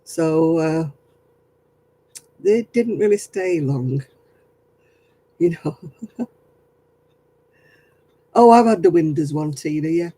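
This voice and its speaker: A woman's voice: sits low, lively intonation, slow, long pauses, mellow, rough recording. A woman with a British accent chatting casually on her vlog, telling wry stories with frequent chuckles. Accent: British English. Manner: wry and chuckling, storytelling about prank callers. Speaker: craft vlogger. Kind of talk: casual chat.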